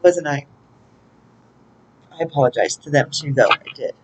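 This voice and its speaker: A woman's voice: sits low, moderate pace, husky, rough recording. A woman giving a casual spiritual oracle reading, chatty and laughing often as she greets angels aloud. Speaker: intuitive oracle card reader.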